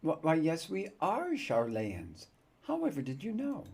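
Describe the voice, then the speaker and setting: A man's voice: a little high, huge pitch swings, measured pace, a little mellow, husky, pitched above the performer's own voice, exaggerated voice. An older man reading aloud the lines of a prim, evasive male scholar.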